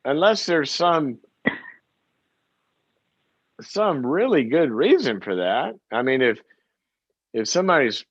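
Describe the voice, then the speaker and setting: An animated man hosting a call-in advice show. His voice swings widely as he leans on words and repeats them for emphasis. The sound is dry and a little dull. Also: medium pitch, slow pace, long pauses, no room sound. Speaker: host.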